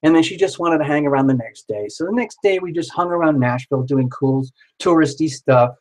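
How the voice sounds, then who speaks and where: Casting: a man with a slightly high voice, animated casual storyteller who swears easily. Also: fairly quick, rough recording.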